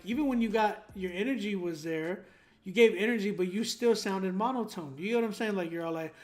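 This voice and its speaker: A young man hosting a song critique stream, talking in an animated, emphatic way with many fillers. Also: high-pitched, a little fast. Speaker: host giving song critiques. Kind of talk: livestream critique chat.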